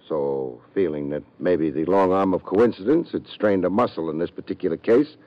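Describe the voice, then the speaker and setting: A hard-boiled private eye in an old radio drama, narrating and cracking dry jokes. His voice is on the low side and moves a lot. The recording is dull and lo-fi. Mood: narration. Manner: wry, dry wisecracks. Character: wry male private detective, hard-boiled. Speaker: narrator and detective. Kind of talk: 1950s radio drama acting.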